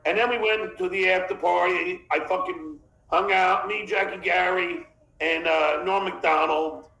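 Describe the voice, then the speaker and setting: A man's voice: high voice, fairly even intonation, unhurried, creaky, pushed and bright, roomy sound, low-quality recording. A man hosting a podcast in casual chat, rambling and reading chat messages aloud. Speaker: podcast host.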